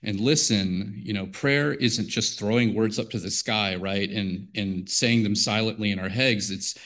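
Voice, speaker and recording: Wordy, low-voiced man giving a devotional. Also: normal speed, a bit bright. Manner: wordy, conversational, with many restarts. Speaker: devotional speaker. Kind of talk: informal devotional talk.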